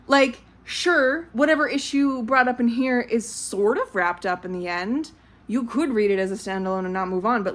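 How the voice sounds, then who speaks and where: A young woman chatting casually about books for her vlog, candid and blunt, swearing freely and laughing often. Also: medium pitch. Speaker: book vlogger. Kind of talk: casual chat.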